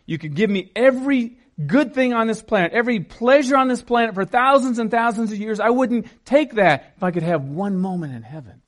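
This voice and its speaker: A man preaching a sermon in an animated way, acting out the scenes and shouting the quoted cries. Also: sits high, a little fast, few pauses. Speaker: pastor.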